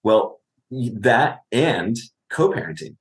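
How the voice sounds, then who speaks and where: A man's voice: mid-range voice, animated, slow, echoey room. A man, a clinician and podcast guest, explaining parenting in conversation, often asking "right?" and acting out what a parent would say.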